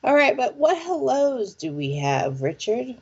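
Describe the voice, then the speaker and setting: A woman's voice: high voice, very animated, unhurried, slightly rough, lo-fi sound. A woman presenter doing psychic readings, chatting casually with viewers on a live stream and often checking in with "okay?". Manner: chatty, lots of fillers like "okay?" and "like". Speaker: psychic reader and show presenter.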